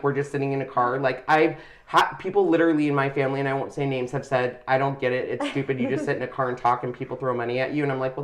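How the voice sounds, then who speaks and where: A middle-aged man hosting a craft channel, telling his story in a casual, heartfelt and emotional way. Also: mid-range voice. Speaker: channel host. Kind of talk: casual chat.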